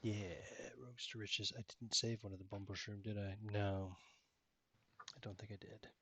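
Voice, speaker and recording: A man with a low, dry-sounding voice runs a tabletop session, narrating loosely and filling pauses with ums as he thinks aloud. the sound is close and without room echo. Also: a bit bright, dull audio. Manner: rambling, many fillers. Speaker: game master. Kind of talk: casual narration of a tabletop game.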